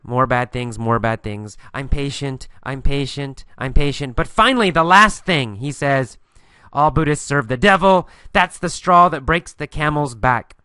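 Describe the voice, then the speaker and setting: A man teaching an English listening lesson, slowly and patiently asking questions and answering them himself, repeating the key phrases. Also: mid-range voice, bright, forceful tone, clean tone, dry recording.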